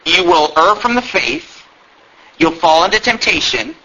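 A man's voice: high voice, a little slow, vocal fry, sharp tone. A male pastor preaching a sermon, emphatic and full of rhetorical questions. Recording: dull lo-fi with faint noise.

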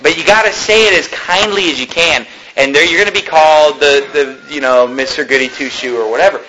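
A man preaching a sermon as pastor, emphatic and fervent, rising to shouts at points. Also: fairly high pitch, fairly quick, slight background noise, poor audio.

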